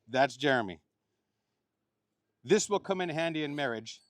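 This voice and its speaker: A middle-aged man gives a wedding ceremony speech as the officiating uncle. His voice sits a little high, and he slips playful jokes in between sincere marriage advice. The sound is close and dry. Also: animated, unhurried, no room sound. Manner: joking, playful asides between heartfelt advice.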